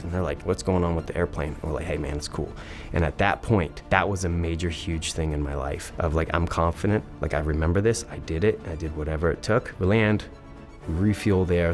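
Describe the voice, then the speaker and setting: A young man, an Air Force veteran, excitedly retelling a story and acting out the quoted dialogue in a casual way. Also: low voice. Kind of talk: animated personal storytelling.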